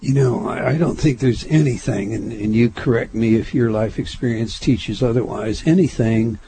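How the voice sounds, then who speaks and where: A man's voice: mid-range voice, normal speed, vocal fry, warm tone, a little hiss or hum, poor audio. A man interviewing a guest, asking long, thoughtful, meandering questions.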